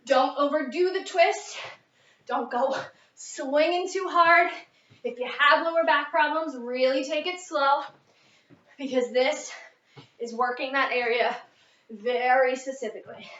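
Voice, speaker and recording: A woman's voice: high-pitched, measured pace, a bit bright. A young woman leading a workout as a fitness instructor, a little out of breath, counting reps and coaching. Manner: upbeat coaching, counting reps, mid-exercise. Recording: echoey, distant, dull lo-fi.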